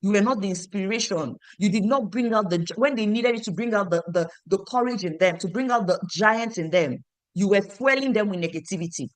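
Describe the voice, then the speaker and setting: A woman's voice: medium pitch, fairly quick, no room sound. Emphatic woman coaching her team. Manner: emphatic and repetitive, quizzing listeners. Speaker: team leader training her downline. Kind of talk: motivational team training talk.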